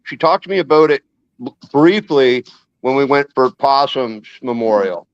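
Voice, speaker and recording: A man's voice: medium pitch, animated, normal speed, dry recording. Rambling jokey man, lo-fi dry sound. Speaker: guest. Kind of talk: casual chat.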